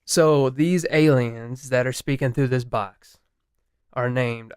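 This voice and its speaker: Young guy podcasting, smooth clear voice, dry close sound, swears a lot and laughs, keeps restarting. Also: medium pitch, slow pace, darkish tone, no room sound. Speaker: podcast co-host. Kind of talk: casual chat, retelling a true crime story.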